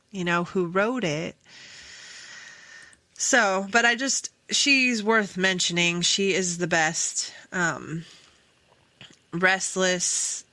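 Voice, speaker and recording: Chatty woman podcaster rambling slowly, bright voice, dry close mic, lots of ums. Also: fairly low pitch, no echo. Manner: rambling, chatty, many fillers and self-corrections; sings song lyrics softly. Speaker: podcast host. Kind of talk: casual solo podcast chat.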